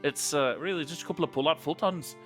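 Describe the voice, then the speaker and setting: Man doing a gruff old pub keeper, high and loud. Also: fast talker, faint music behind, lightly acted. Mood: rambling. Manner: gruff and rambling, calls people love. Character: old male pub owner, gruff, chatty, scornful.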